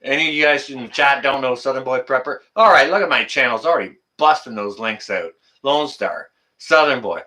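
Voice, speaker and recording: A man from Canada hosting a live stream and taking calls, chatting casually with excited outbursts and lots of filler words. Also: mid-range voice, brisk, hardly any pauses. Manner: excitable, loud exclamations, many fillers. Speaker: livestream host.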